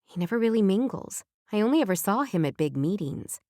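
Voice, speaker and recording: A woman narrating a romance audiobook in first person, reading evenly and clearly in a studio. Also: medium pitch, big pitch swings, brisk, darkish tone, dry recording.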